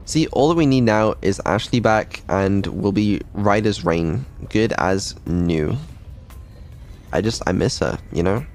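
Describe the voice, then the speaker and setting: A male streamer chatting casually in a halting, mumbling way with dry, swearing remarks. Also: on the low side, soft background music. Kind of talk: casual chat.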